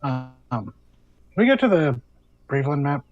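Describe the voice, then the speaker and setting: A man's voice: mid-range voice, sing-song, moderate pace, no room sound, dull audio, faint music behind. A man playing a tabletop game, thinking aloud and planning with many fillers. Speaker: player.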